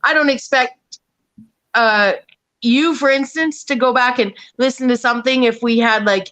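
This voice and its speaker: A woman's voice: a little high, normal speed, fairly bright tone, no room sound, rough recording. A woman in casual panel talk on an online stream, rambling with many fillers and restarts and swearing freely.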